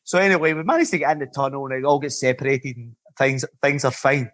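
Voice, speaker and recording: A Scottish man in his fifties, a former footballer and podcast guest, telling lively rambling stories and swearing freely. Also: mid-range voice, fast. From Scotland. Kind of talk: casual anecdotal storytelling.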